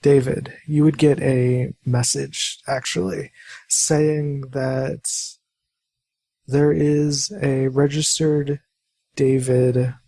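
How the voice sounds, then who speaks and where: A man acting as game master of a tabletop role-playing game, talking in a relaxed, hesitant way with many fillers. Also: medium pitch, very slow, gravelly, no room sound.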